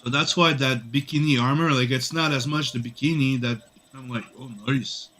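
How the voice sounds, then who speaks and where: A man's voice: mid-range voice, steady tone, normal speed, pushed and bright. Sick male streamer, casual rambling chat while drawing. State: sick with a cough. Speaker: comic artist streaming.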